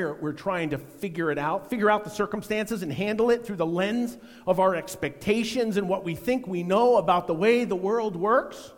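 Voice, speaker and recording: A middle-aged man preaching a sermon, swinging between loud emphasis and hushed, almost whispered lines. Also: fairly high pitch, big-room sound. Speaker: pastor.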